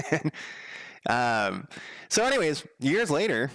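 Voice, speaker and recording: A man's voice: sing-song, slow, dry recording. A man streaming his game coding, chatting casually and swearing freely as he rambles through a story. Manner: loose, profane storytelling with frequent fillers; gets louder and higher when quoting others. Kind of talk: casual rambling livestream chat.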